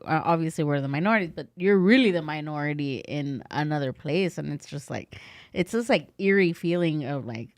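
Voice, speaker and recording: A woman with a Californian accent, co-hosting a podcast and telling stories in an expressive, casual way. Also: low voice, fairly quick. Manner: animated, expressive storyteller. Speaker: podcast co-host.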